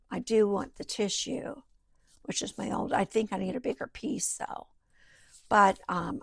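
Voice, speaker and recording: A woman chatting casually as she walks through her handmade journal work, thinking aloud, rambling and drifting into soft murmurs at her craft table. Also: mid-range voice, creaky, husky, no echo. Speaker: journal maker. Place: home craft table beside a sewing machine.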